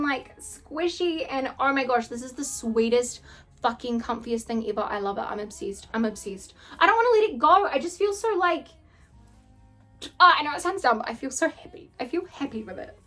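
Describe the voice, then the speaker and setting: A woman's voice: sits high, fairly bright tone. A young woman from New Zealand, gushing and emotional as she chats through an unboxing vlog and swears casually. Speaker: vlogger.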